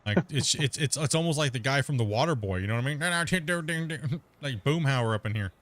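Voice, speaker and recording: Male streamer host, rapid rambling casual talk, middle pitch. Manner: talks extremely fast, rambling with many restarts. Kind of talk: casual gaming chat.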